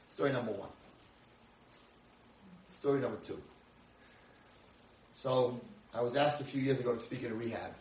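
A man's voice: medium pitch, moderate pace, long pauses, darkish tone. A man in his sixties, a rabbi giving a humorous storytelling lecture, acting out the dialogue. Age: 60s. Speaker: rabbi and speaker. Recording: echoey room, from far off, faint hiss.

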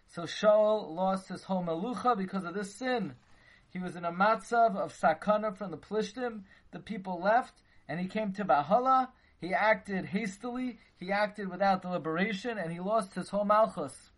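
A man's voice: sits high, moderate pace, a bit bright. Man giving a lecture. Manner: dense with Hebrew and Yiddish terms, acts out dialogue. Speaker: rabbi teaching Torah. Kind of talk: Torah lecture.

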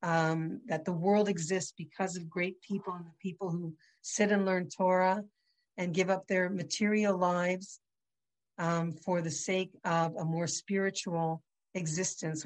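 A woman giving a religious lesson, telling a story in an animated way with some restarts. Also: fairly low pitch, a little slow. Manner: animated storytelling with restarts, softening toward the close. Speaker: religious teacher.

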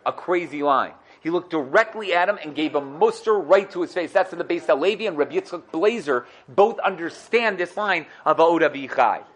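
Torah teacher, man, high and lively voice, animated class lesson. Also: brisk, hardly any pauses. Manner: animated, dramatizes quotes with a rising voice. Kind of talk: classroom lesson on the weekly portion.

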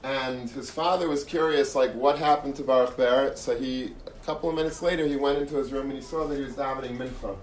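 A man's voice: mid-range voice, steady tone, fairly quick, few pauses. A man giving an earnest storytelling Torah talk, often repeating and restarting phrases. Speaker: Torah lecturer. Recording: echoey room, mic far off, faint noise.

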